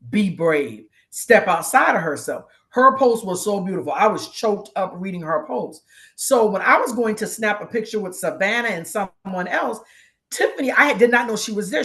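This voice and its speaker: A woman's voice: lowish voice, a bit bright. A woman guest co-host sharing a tearful, heartfelt personal story in casual conversation, often quoting what people said to her. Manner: heartfelt, tearful storytelling with many quoted exchanges.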